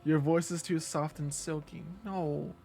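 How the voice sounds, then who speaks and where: A man's voice: a little high, little pitch movement, a little slow, gravelly, mellow. A man casually commenting on his live gameplay in a playful, jokey way, laughing often. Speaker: game streamer. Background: faint game music.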